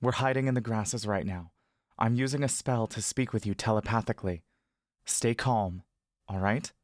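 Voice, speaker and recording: A man voicing a gentle male furbolg who speaks telepathically in a soothing, calm, reassuring voice with an elvish intonation. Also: on the low side, moderate pace, dry recording, studio quality, natural voice. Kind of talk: audio drama narration.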